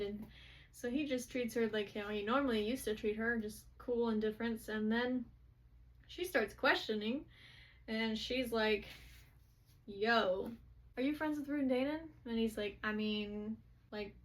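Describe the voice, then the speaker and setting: A woman casually recapping book chapters, chatty and full of quick quoted asides. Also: on the high side.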